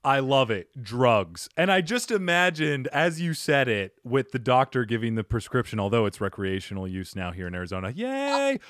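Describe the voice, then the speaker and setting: A man hosting a podcast in casual chat, smooth and well-spoken, with a measured broadcast cadence and self-deprecating humor. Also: mid-range voice, a bit bright, no echo, studio quality. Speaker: podcast host.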